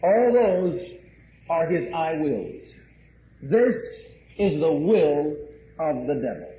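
Male pastor, high voice, emphatic sermon delivery, echoing room with a dull recording. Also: lively intonation, slow. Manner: emphatic, repeats key phrases; addresses the congregation directly. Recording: roomy, dull, faint hiss.

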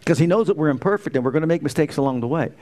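A man's voice: fairly high pitch, lively intonation, very fast, mellow. A middle-aged man preaching a sermon, folksy and humorous, asking the congregation rhetorical questions. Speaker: pastor.

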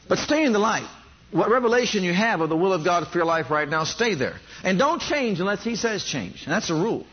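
A man's voice: fairly high pitch, slightly rough, highs cut off. A man preaching a sermon, telling stories from his own life and speaking directly to the congregation. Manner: animated storytelling, addresses congregation directly.

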